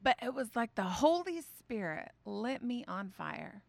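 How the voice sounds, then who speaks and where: A woman, hosting a faith podcast and telling a family story in a chatty, animated way full of fillers. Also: on the high side, unhurried, vocal fry, no echo. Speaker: podcast host.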